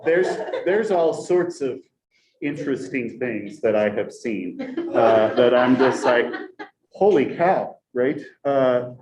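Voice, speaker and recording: A man in his forties, a college professor, telling a story to his class in a chatty, animated way and tagging nearly every sentence with a rhetorical question. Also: medium pitch, slow, a crowd in the background. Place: lecture classroom. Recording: echoey classroom recording.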